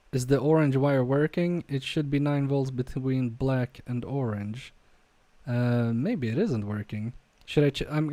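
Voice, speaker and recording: Mumbling to himself during a live electronics repair stream, a man jokes with viewers about the mistakes he makes, self-deprecating throughout. His voice is mid-range and mellow, captured in a dry recording.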